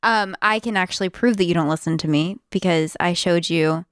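A woman in her thirties co-hosting a podcast with her husband, soft-spoken and wry in casual chat. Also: fairly low pitch, fairly quick, clean tone, dry recording, clean studio sound. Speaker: podcast co-host. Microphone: studio mic with headphones.

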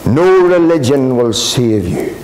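A man's voice: mid-range voice, very animated, slow, darkish tone, a little hiss or hum. A Northern Irish pastor preaching an emphatic, repetitive gospel sermon in a gospel hall, calling his listeners friends.

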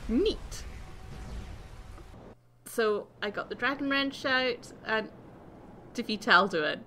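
Excitable woman gamer. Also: fairly high pitch, takes it slowly, pauses often, slight background noise. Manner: excitable, exclaiming and giggling at the game. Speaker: let's play host. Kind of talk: let's play commentary.

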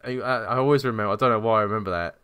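Young man, podcast co-host, low-ish bright and clear voice, sweary self-mocking storyteller. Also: rapid-fire, no room sound. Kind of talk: casual chat, storytelling.

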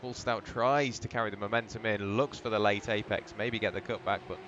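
A man calls a sim race in a steady, conversational way and keeps the play-by-play flowing. A clear noise bed runs under his voice. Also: lowish voice, a little fast, highs cut off. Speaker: lead commentator. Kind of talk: sim racing commentary.

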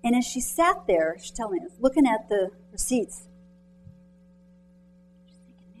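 A woman author speaks to students and mentors in a lecture room, her voice sitting a little high. She tells stories in a chatty, animated way, peppered with "like," and quizzes the crowd directly. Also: brisk, soft background music, low-quality recording. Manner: chatty, animated storytelling with many "like"s. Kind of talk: motivational talk.

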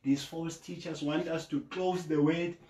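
A man preaching a sermon from home, earnest and deliberate, rising to emphatic peaks on key points. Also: a little high, steady tone, mellow, reverberant. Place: at home during lockdown, in an echoey room.

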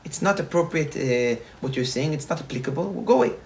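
A man's voice: a little high, lively intonation, fast, creaky, a little hiss or hum. A man voicing a dismissive giant within a told story, brusque and scoffing.

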